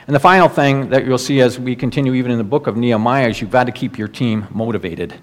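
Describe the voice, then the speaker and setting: A middle-aged male pastor preaching a sermon in an earnest, exhorting way, slowing down and dropping his voice when quoting prayers and scripture. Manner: earnest preaching, drops low and slow for quoted prayers and scripture.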